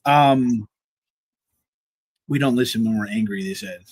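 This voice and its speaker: A man's voice: fairly low pitch, a little slow, slightly rough, no echo. A man hosting a casual livestream chat, easygoing and laughing often between words. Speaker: host.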